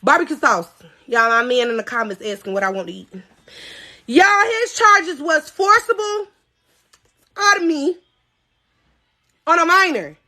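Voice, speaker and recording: A woman in her thirties telling a story on a live podcast, animated, swinging from loud cries to low asides. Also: brisk.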